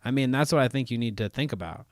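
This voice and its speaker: A young man from Ohio hosts a laid-back live chat show, answering his viewers with dry sarcasm and laughter. His voice sits in an ordinary middle pitch. The sound is close and dry, with no room echo. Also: animated, fast talker. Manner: sarcastic and joking, laughs often, reads out viewer comments. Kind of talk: casual livestream chat.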